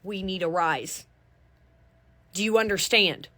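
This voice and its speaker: A woman's voice: medium pitch, slow pace, bright, forceful tone. A woman giving a tarot reading in an urgent, preaching way, often asking if listeners understand and swearing casually. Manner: fervent, preachy, repeats "do you understand". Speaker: tarot reader.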